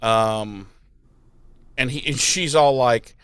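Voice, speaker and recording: A man hosting a podcast, casually retelling an episode with animated mocking voices for the characters and plenty of swearing. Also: mid-range voice, takes it slowly, clear, resonant tone, no echo. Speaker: podcast host.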